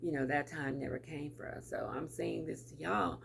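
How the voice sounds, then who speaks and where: A middle-aged woman chats to her camera about her day, her voice low and gravelly with a bit of fry. She talks loosely, repeats words and laughs often, with a faint hiss in the background. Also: steady tone, normal speed. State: teary. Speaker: vlogger. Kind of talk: casual talk to camera.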